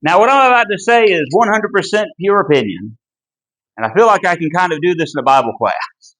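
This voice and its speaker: A man teaching a Bible class, earnest and emphatic, with a deliberate delivery and small restarts. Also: sits high, expressive, a bit bright, low-quality recording. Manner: earnest and emphatic, pleading in tone when driving a point home. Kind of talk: Bible study lesson.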